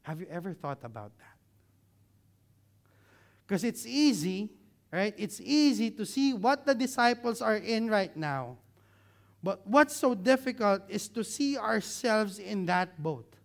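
A man preaching a sermon, engaging the listeners with many questions and growing more animated as he explains. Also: sits high, a little slow, creaky. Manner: grows louder and more animated when explaining.

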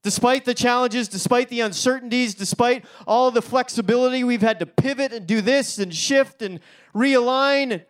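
A man's voice: very high-pitched, normal speed. A male pastor preaching a sermon, telling a story in a chatty way with fillers and restarts.

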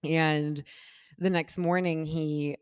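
A woman with a slightly low voice tells a story in casual chat. She is animated and acts out other people's voices, peppering her talk with "like." The sound is dry and close, with no room echo. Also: slow, clean tone. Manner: animated, acts out quoted voices with big shifts in pitch and loudness; talks with many fillers like "like" and "I'm like". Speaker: guest telling a personal story.

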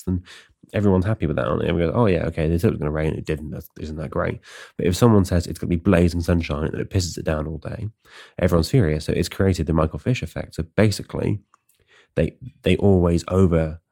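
A man's voice: low voice, gravelly, mellow. A man talking casually and sardonically on his own podcast, rambling and swearing freely. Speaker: podcast host. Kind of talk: casual solo monologue.

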